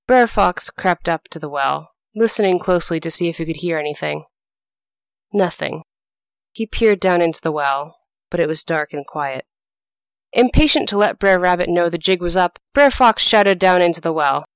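A woman podcast host telling folk tales in an animated, expressive voice. Her tone is smooth and resonant, recorded close and dry with no room sound. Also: fairly low pitch, normal speed, no echo. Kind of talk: scripted storytelling narration.

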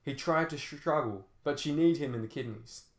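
A man's voice: mid-range voice, normal speed. A man narrating an action novel as an audiobook, telling fight scenes dramatically with shifting pace. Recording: roomy echo.

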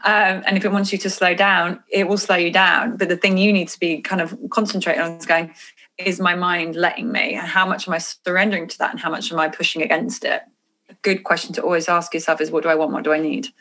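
A woman author talking casually about intuition and energy in an earnest, animated way on a podcast. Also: on the low side, fast talker. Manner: earnest, animated, drifts into quoted inner voices.

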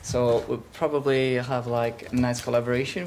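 A man's voice: medium pitch, little pitch movement, moderate pace, noisy background. A man from Italy with an Italian accent, a guest chatting casually and laughing easily, with many fillers. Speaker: guest, small business owner. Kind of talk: casual interview chat.

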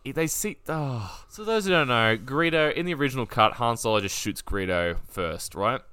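A man co-hosting a podcast in casual chat, animated and joking, swearing freely. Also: medium pitch, smooth, no echo. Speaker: podcast co-host.

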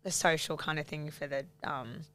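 A woman's voice: deep voice, fairly even intonation, normal speed, fairly bright tone. A young woman co-hosting a podcast, chatting casually, swearing freely and laughing often. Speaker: podcast co-host. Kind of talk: casual chat.

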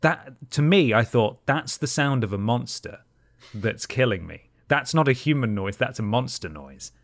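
A man's voice: mid-range voice, animated, normal speed, dry recording. A man co-hosting a podcast in loose, easygoing chat, his voice sitting in a middle register. He wanders through stories with small stops and restarts. The sound is dry and close, with no room around it. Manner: rambling storytelling with hesitations. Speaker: podcast co-host. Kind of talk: casual chat.

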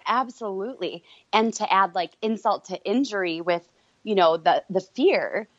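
Woman, interview guest, lowish voice, candid storyteller, dull lo-fi sound. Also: no room sound. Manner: candid, storytelling, quick-talking. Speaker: guest entrepreneur. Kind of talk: casual interview chat. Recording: dull lo-fi recording.

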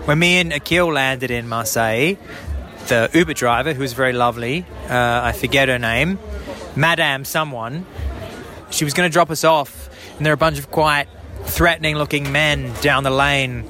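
A Canadian man hosting a podcast, chatting casually and telling a travel story with lively impressions. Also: medium pitch, normal speed, soft background music, a faint crowd. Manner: animated storyteller, mimics voices. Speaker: podcast host.

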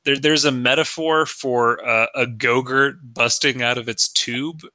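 Sharp-voiced crude joking podcast host. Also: male voice, medium pitch, steady tone, unhurried, no room sound. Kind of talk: crude comedic podcast chat.

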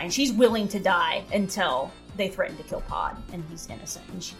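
A woman's voice: lowish voice, fairly quick, few pauses, faint music behind. A woman co-hosting a casual podcast, talking animatedly with lots of fillers, restarts and laughter. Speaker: podcast co-host. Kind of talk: casual chat.

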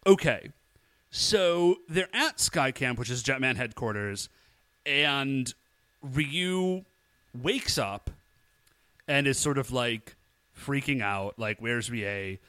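A man's voice: mid-range voice, expressive, takes it slowly, long pauses, pushed and bright, no echo. A man co-hosting a podcast, casually recapping an episode, chatty and laughing, acting out lines in quotes. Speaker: podcast co-host.

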